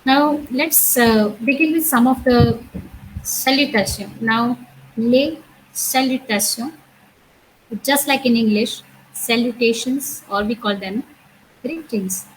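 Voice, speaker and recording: A woman lecturer teaches introductory French at a slow, deliberate pace, with her voice sitting a touch high. She repeats each sound and word and fills her pauses with "uh" and "okay." Faint background noise runs under the recording. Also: low-quality recording. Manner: explanatory, with frequent "uh" and "okay".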